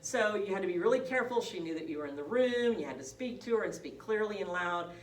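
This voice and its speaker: Animated woman teaching in a roomy classroom. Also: mid-range voice, fast. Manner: animated storytelling, acts out quoted voices. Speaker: nursing instructor. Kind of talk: classroom lecture with anecdotes. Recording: roomy, from a distance, faint hum.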